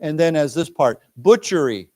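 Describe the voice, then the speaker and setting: An American man giving an English lesson in a library lecture room, reading news phrases slowly for the class to repeat and patiently explaining words. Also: fairly high pitch, expressive, darkish tone. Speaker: English teacher.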